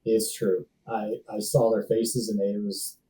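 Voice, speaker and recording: A man's voice: lowish voice, little pitch movement, unhurried, mellow, far from the mic, low-quality recording. A man in his thirties telling a personal story as a podcast guest, casual and slangy, calling people dude and bro. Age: 30s. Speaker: podcast guest, safety professional.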